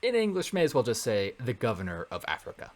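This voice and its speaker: A man working through a Latin translation in a relaxed lesson, thinking aloud with many fillers and self-corrections. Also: mid-range voice, quick pace. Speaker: Latin tutor. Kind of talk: casual translation walkthrough.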